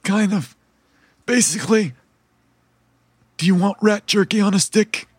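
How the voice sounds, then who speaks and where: A man narrating as game master in a relaxed, chatty, laid-back way. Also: high voice, unhurried, husky, dry recording.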